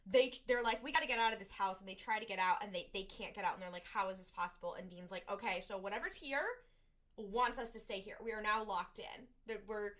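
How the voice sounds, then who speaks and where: A woman co-hosting a podcast rambles through a casual recap of an episode, full of "like" and "um" and acting out lines. Her mid-range voice is a bit bright, and she talks at a quick pace.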